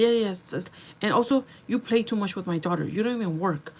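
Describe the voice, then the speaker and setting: A woman's voice: lowish voice, fast, gravelly, low-quality recording. Chatty young woman telling a story. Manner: chatty, animated, swears freely, switches into Spanish. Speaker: livestream host. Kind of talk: casual storytelling to viewers.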